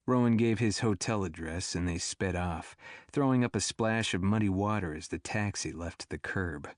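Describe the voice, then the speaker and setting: A man narrating an audiobook thriller in a steady, even storytelling manner. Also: low voice, moderate pace, dry recording, studio quality. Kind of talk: scripted narration.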